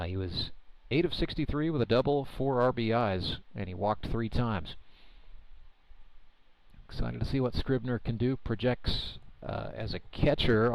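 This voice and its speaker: A man's voice: medium pitch, no room sound, low-quality recording. Chatty male baseball play-by-play man. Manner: relaxed, chatty, dry self-deprecating humor. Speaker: play-by-play commentator. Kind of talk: live baseball commentary. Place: ballpark broadcast booth.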